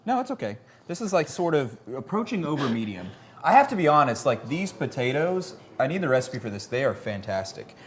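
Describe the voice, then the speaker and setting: A man hosting a casual cooking chat in a kitchen, upbeat and quick to affirm what he hears. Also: medium pitch, big pitch swings. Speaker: host. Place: kitchen on a live show.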